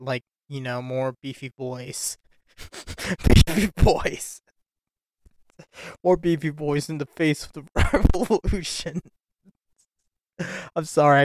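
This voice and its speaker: A man's voice: fairly high pitch, no room sound, clean studio sound. A man hosting a casual wrestling talk show alone, rambling with many fillers and restarts and often breaking into giggles. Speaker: wrestling podcast host. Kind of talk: casual solo commentary.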